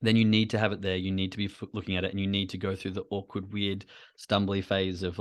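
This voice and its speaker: A man's voice: lowish voice, level tone, fast talker. A man hosting his own podcast, talking through ideas in a rambling, reflective solo monologue with asides to himself. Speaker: podcast host.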